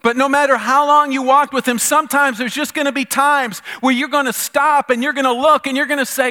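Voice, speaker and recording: This pastor's sermon comes brisk and nearly pause-free in a very high-pitched voice, with the big-room sound of a church hall. He tells stories with animation and performs the voices of those he quotes.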